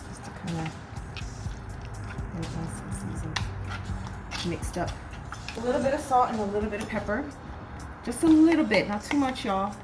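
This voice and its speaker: A cooking vlogger from California talks casually while she cooks at home, frequently addressing her viewers as "y'all." Her medium-pitched voice is expressive, moving at a moderate pace with long pauses, heard over loud music.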